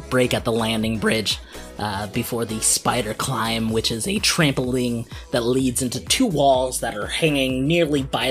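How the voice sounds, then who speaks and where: A game master narrating a tabletop game in a descriptive, unhurried way with filler pauses. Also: medium pitch, fairly bright tone.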